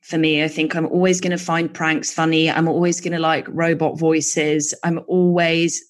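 A woman's voice: sits low, level tone, moderate pace. A woman in her thirties, a writer being interviewed, speaking in a chatty, frank and self-deprecating way. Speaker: guest, writer and podcaster. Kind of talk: candid interview talk.

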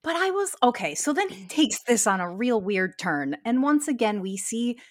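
A woman's voice: on the high side, sing-song, normal speed, no room sound, clean studio sound. A woman hosting a casual TV recap podcast, candid and sweary, laughing often. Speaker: podcast host.

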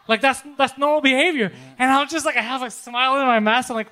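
Man, high voice, rapid talk, animated storyteller, swears freely, casual podcast chat. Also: slight background noise. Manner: animated storytelling, swears a lot, laughs often. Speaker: podcast co-host.

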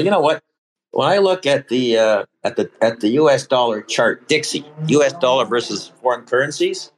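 A man of ordinary pitch talks as a podcast guest, walking through charts in a loose, chatty way. He often stops to restart or correct himself mid-sentence before pressing on with his point. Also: low-quality recording. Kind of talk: casual explanation of market charts.

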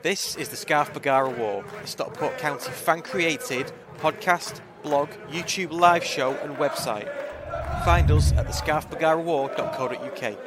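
A man's voice: on the high side, moderate pace. Man announcing a show intro over noise.

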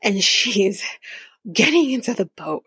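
Woman podcast host, gravelly and husky, close dry mic, sarcastic and swearing freely through a casual TV recap. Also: mid-range voice, very animated, unhurried, a bit bright, no room sound. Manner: profane, sarcastic storytelling with frequent laughs.

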